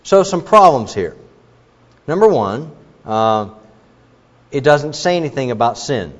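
A man preaching a sermon in an animated, questioning manner, with asides to the congregation. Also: mid-range voice, measured pace. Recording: dull recording with long hall reverb.

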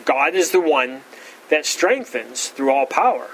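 A pastor giving an expository Bible teaching, repeating words and saying "all right" often, rising in pitch to stress key points. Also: male voice, sing-song, a little slow, a bit bright, slight background noise, low-quality recording. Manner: rises in pitch for emphasis.

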